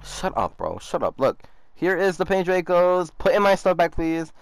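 A man's voice: high voice, big pitch swings, moderate pace, vocal fry, clean tone, no room sound. Young man, gaming chat, sing-song mocking tone, dry close headset sound. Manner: mocking, repeats himself, says bro a lot. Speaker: YouTuber trolling a scammer.

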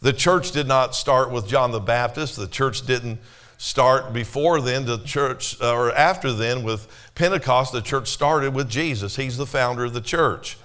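A man's voice: medium pitch, a little slow, fairly bright tone. A man preaching a sermon in a church, talking to his congregation in a conversational way, with rhetorical questions and quoted scripture. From Canada. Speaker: pastor.

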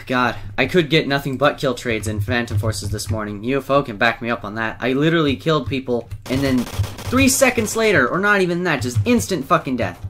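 A man's voice: medium pitch, expressive, fairly quick, fairly bright tone. A man giving casual gameplay commentary, swearing, laughing and trash-talking his opponents. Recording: noisy with game gunfire behind. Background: gunfire and keyboard clicks.

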